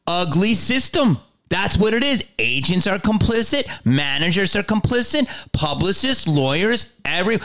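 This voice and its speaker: A middle-aged man hosting a podcast, delivering a heated solo rant full of swearing, swinging from loud outbursts to low muttering. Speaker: podcast host.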